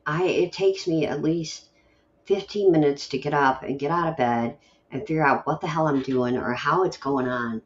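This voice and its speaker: A woman's voice: low-pitched, moderate pace, muffled recording. A woman hosting a late-night poetry stream, chatting casually in a rambling, grumbly, self-deprecating way. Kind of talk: casual chat.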